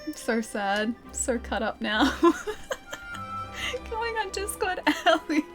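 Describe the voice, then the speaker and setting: A woman's voice: high-pitched, big pitch swings, takes it slowly. A young woman streaming a game, chatting casually with viewers, playful and giggly with lots of mock apologies. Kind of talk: casual gameplay commentary reading chat. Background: game music.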